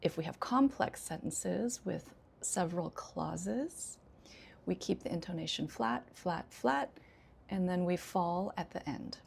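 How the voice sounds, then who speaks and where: An American woman, an ESL teacher, explaining intonation in an unhurried way with frequent pauses. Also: lowish voice, expressive, vocal fry, a little mellow, slightly rough. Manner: unhurried, many 'um' pauses, demonstrates intonation examples. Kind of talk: casual instructional talk.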